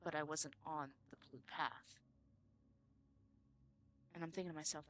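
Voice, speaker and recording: A man earnestly telling a personal spooky story, often halting and repeating words. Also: a little high, steady tone, pushed and bright.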